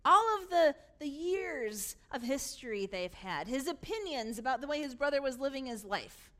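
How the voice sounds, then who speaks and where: Animated woman pastor preaching. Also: high voice, normal speed. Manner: animated storytelling, acting out scenes. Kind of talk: sermon.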